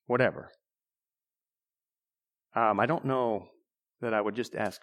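A man preaching a sermon in a conversational way, restarting phrases and clearing his throat now and then. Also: mid-range voice, a little slow, long pauses.

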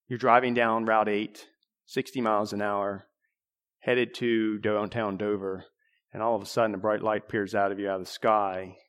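A man delivers a sermon, his voice sitting a little low. He talks in a conversational way, doubling back on phrases and clearing his throat between thoughts. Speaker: preacher.

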